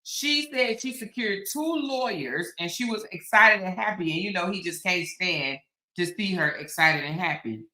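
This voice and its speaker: A woman in her 50s hosts a casual live stream on the outskirts of Houston, Texas, chatting straight to her viewers and reading out their comments. Her voice is on the low side and sharp in tone, at a moderate pace, in an echoey room.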